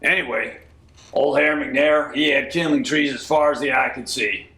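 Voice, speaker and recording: A man telling folksy tall tales in a deadpan comic interview. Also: medium pitch, moderate pace. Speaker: comic storyteller.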